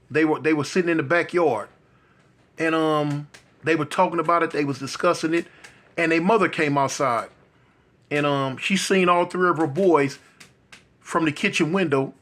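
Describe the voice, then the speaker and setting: A man spins a long tale in a relaxed, conversational voice, sitting somewhat high for a man. He keeps checking in with his listener as he goes. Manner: loose, conversational, frequent asides to the listener. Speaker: storyteller. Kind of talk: casual street storytelling.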